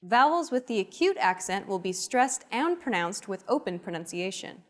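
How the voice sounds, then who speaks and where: A woman narrates the explanatory parts of a language lesson from a script. Her voice sits at an ordinary middle pitch, and she sets out each rule in a steady, even manner. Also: moderate pace, soft background music.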